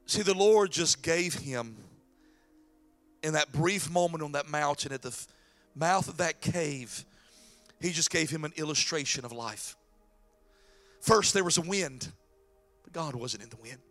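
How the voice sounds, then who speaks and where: A man preaching a sermon as pastor, dropping to whispers and rising to shouts. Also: a little high, unhurried, pauses often, soft background music. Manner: dramatic swings from hushed whispers to shouting.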